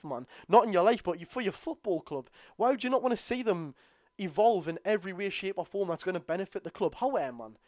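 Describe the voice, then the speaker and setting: A young man with a strong Geordie accent rants bluntly through a live football watchalong, exasperated and outspoken. His voice sits high for a man. The recording is dry and close, with no room sound. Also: no room sound. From North East England. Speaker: football fan streamer.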